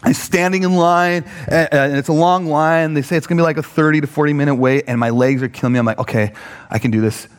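Male pastor, fairly high voice, comic storyteller, long hall reverb. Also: fast talker, few pauses, clean tone. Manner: animated, jumps into high mock voices for quoted people.

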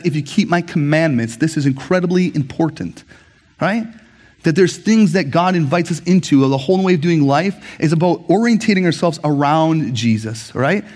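A male pastor delivering a sermon in a lively, conversational way, tossing in quick asides to the congregation. His voice sits high for a man, and he speaks to a gathered church. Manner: animated, conversational, frequent "right?" asides.

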